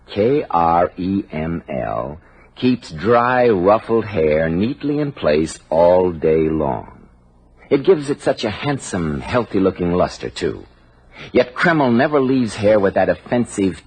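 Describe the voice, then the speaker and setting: Deep, booming old-time radio announcer. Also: male voice, a little mellow, slightly rough, low-quality recording. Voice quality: booming, emphatic salesman delivery. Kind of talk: 1940s radio commercial.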